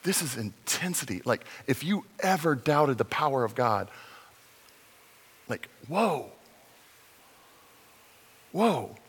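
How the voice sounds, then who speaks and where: A male pastor preaches in a loose, conversational way, restarting phrases and slowing down to stress key points. His voice sits at a middle pitch for a man. It carries a long reverb from a large hall. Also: very animated, husky. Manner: conversational, many fillers and restarts, slow deliberate stresses. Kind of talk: sermon.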